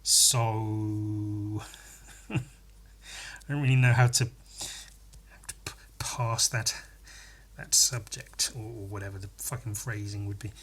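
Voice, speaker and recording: A man's voice: lowish voice, steady tone, slow, pauses often, fairly bright tone, husky. A man hosting a podcast, rambling through a crude, mock-earnest comedy monologue with giggly asides. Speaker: podcast host.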